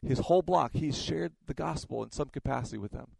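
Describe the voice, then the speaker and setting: A man's voice: medium pitch, a little fast, gravelly, a little mellow, husky, dry recording, low-quality recording. A man preaching a sermon, telling stories and often repeating his words as he goes. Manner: storytelling, stumbles and repeats words. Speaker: pastor.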